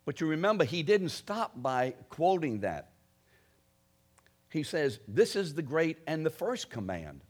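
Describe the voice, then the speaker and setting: A man preaching a sermon, stressing key phrases loudly, then dropping low and quiet. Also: very animated, measured pace.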